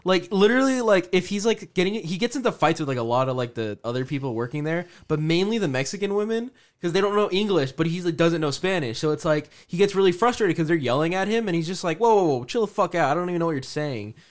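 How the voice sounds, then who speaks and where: A man's voice: a little high, animated, fast talker, few pauses. A young man co-hosting a casual podcast, rambling with many fillers and jokes. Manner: rambling, full of filler words, joking. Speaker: podcast co-host. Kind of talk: casual chat.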